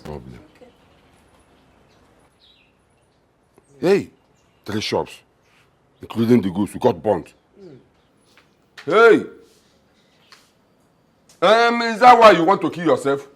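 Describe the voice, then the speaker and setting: An actor with a Nigerian accent playing a blunt, mocking middle-aged father who talks loudly and repeats himself. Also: a little high, sing-song, takes it slowly, long pauses, exaggerated voice. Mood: scornful. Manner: mocking, loud, repetitive.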